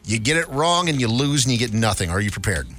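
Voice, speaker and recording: A man's voice: medium pitch, lively intonation, quick pace, fairly bright tone, soft background music. A man hosting a radio show segment with upbeat game-show patter. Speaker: radio host.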